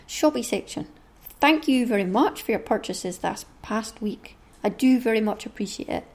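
A woman's voice: a little high, normal speed. A woman hosting a craft podcast, chatting in a homely, rambling way and reading aloud. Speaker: podcast host.

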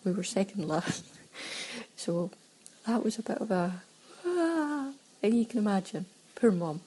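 Scottish woman, casual audio diary, mellow dark tone, slightly breathy. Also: medium pitch, animated, a little slow, poor audio. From Scotland. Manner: chatty, laughing, breaks into quoted exclamations. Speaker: audio diarist.

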